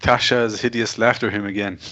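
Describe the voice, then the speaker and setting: A man playing a tabletop game, thinking his moves through out loud. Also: fairly low pitch, fairly even intonation, brisk. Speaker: player. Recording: dull lo-fi recording.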